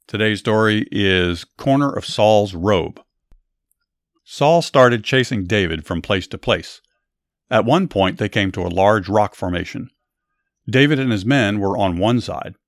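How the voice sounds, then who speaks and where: A man hosting a podcast, telling Bible stories in a measured, earnest way and adding commentary. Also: fairly low pitch, no echo, studio quality. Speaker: podcast host. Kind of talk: Bible story narration with commentary.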